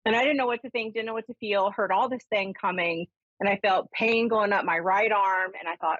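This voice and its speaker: A woman, hosting a radio show as a medium, telling her story casually and giving readings in an animated way. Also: mid-range voice, a little fast, dry recording. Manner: animated, acts out voices when retelling. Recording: slightly dull lo-fi radio sound.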